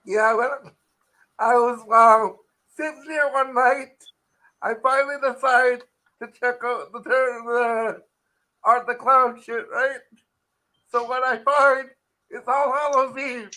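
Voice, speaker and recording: A man's voice: very high-pitched, steady tone, slow, pauses often, bright, forceful tone, low-quality recording. A man guest in a casual chat, telling a story in a loose, offhand way.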